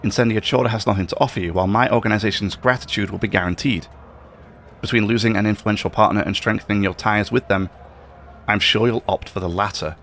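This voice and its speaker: Scheming male conspirator, persuasive and cold, read out by a man in a gravelly, lowish voice. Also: steady tone, quick pace, fairly bright tone, slight background noise. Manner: reads game dialogue aloud in a level tone.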